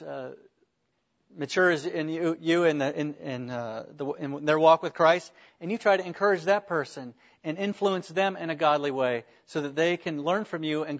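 A man's voice: fairly high pitch, lo-fi sound. A man preaching a sermon as a pastor, earnest, with rhetorical questions and small restarts.

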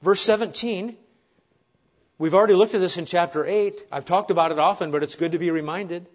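Earnest pastor preaching, lo-fi. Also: male voice, sits high, fairly quick. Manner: earnest preaching with rhetorical questions and self-deprecating asides. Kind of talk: sermon.

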